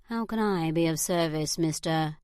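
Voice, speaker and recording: A woman's voice: low-pitched, normal speed, darkish tone, clean tone, no echo, studio quality, close to an everyday voice. A woman voicing a cautious, courteous young English groom in an audiobook. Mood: wary, courteous.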